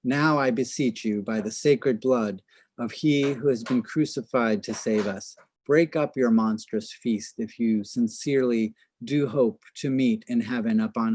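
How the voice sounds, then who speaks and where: A man's voice: medium pitch, steady tone, unhurried, darkish tone, a little hiss or hum, close to an everyday voice. A man reading the part of a stern elderly priest, delivering the lines in a solemn, imploring way.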